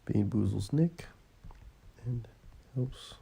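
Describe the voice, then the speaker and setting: A man's voice: medium pitch, expressive, drawn-out words, creaky, mellow, slightly rough. A man hosting a casual livestream, rambling and swearing freely and sometimes dropping to a whisper. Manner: rambling, profane, often drops to a whisper. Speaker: livestream host. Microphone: tablet or phone mic.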